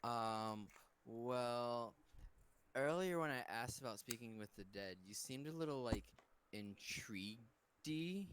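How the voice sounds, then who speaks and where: A man playing a tabletop game, talking in a hesitant, drawn-out way with many fillers. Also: mid-range voice, animated, fairly bright tone, a little hiss or hum. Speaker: player. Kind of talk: casual tabletop play.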